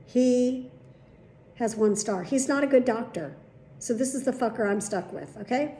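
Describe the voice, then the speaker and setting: A woman's voice: on the high side, expressive, normal speed, mellow. A woman telling a story to camera in a blunt, indignant, heavily profane way. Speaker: video blogger. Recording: echoey room with faint background noise.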